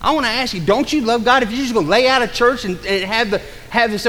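A male pastor preaching a sermon, swinging between loud urgent passages and low hushed warnings, and acting out people's excuses in mocking voices. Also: fast talker. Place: church. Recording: long hall reverb.

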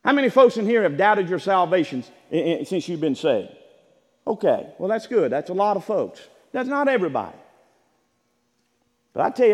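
A man preaching a sermon in an emphatic, repetitive style with bursts of shouting. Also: on the high side. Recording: church sanctuary with long reverb.

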